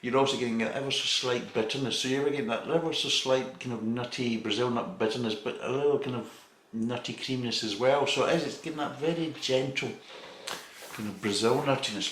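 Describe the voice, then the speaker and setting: A man's voice: medium pitch, fairly quick, fairly bright tone. A man chatting through a casual beer tasting review, rambling and swearing freely. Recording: echoey room.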